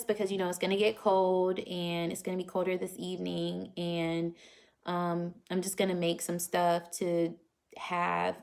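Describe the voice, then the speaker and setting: A woman's voice: on the low side, a little mellow. A young woman from North Carolina, chatting casually on a phone livestream at home and laughing often. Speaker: vlogger answering live comments. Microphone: phone front camera.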